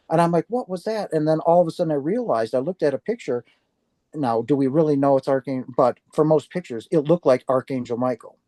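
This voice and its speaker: A man, a guest in an interview, telling a story casually and acting out the dialogue with lively restarts. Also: medium pitch, no echo. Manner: animated, acts out quoted dialogue with restarts.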